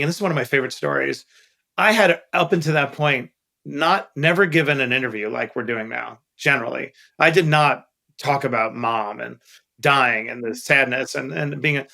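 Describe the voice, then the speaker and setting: A middle-aged investor from Queens, New York, appears as a guest on an interview podcast, telling stories candidly and earnestly while stressing key points. His medium-pitched voice has vocal fry and sounds pushed and bright.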